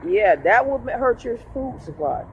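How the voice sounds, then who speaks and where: A man's voice: extremely high pitch, very animated, measured pace, lo-fi sound, slight background noise. A man leading a casual Bible lesson, reading a passage aloud and then explaining it in everyday words, checking in with his listeners as he goes. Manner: conversational, checks in with "okay?". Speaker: Bible study teacher.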